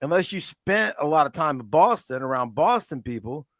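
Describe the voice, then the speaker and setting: A man's voice: on the high side, lively intonation, normal speed, a bit bright, no echo. Chatty Midwestern man, dry close sound. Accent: Midwestern American. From American Midwest. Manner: chatty, explains with asides and frequent questions to the listener. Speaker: podcast co-host. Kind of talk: casual chat about a TV show.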